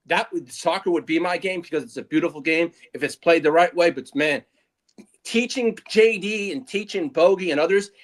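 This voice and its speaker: A man co-hosting a watch party, rambling in casual chat. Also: a little high. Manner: rambling, restarts a lot. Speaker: co-host.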